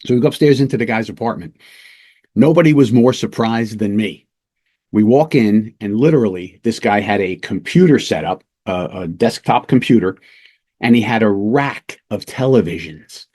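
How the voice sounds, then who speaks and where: A middle-aged man, a police lieutenant, teaching undercover work through a casual, lively anecdote told with small restarts. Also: lowish voice, normal speed, slightly rough. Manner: lively anecdotes, acts out quoted voices, fillers and restarts. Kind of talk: casual storytelling lesson.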